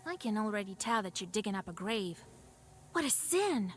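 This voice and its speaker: A woman's voice: mid-range voice, moderate pace, a little hiss or hum, natural voice. A woman playing a shrewd young village witch. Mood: polite, reproachful. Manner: knowing storyteller, calm and moralizing. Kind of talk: video game voice acting.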